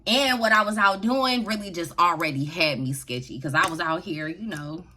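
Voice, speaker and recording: A woman's voice: fairly low pitch, moderate pace, pushed and bright, slight background noise. A young adult woman telling a story on her vlog in a loose, slangy way, laughing often. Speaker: vlogger.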